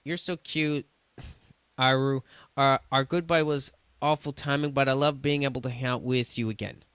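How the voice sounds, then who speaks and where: A man's voice: medium pitch, fairly even intonation, moderate pace, fairly bright tone, clear, resonant tone, dry recording. A man streaming, reading chat messages aloud in a casual, stumbling way with restarts and swearing.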